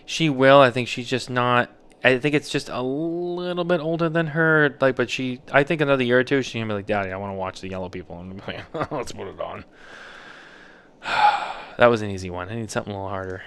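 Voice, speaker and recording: A man's voice: medium pitch, a little fast, fairly bright tone, clear, resonant tone. A man co-hosting a podcast in casual chat, rambling and laughing often as he tells stories. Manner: rambling, laughs often, mimics others in quotes. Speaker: podcast co-host.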